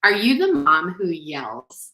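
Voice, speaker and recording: Chatty woman podcast host, low-ish bright voice, roomy echo. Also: wildly swooping pitch, slow pace. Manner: chatty, heavy use of "like" and "you know". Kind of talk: casual chat.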